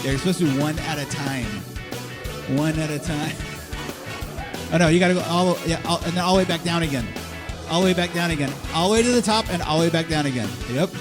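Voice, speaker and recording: A man hosting a live stage event, calling names and directing a game with energetic, joking instructions. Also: on the high side, fast talker, over music. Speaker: host. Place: convention stage before a live audience.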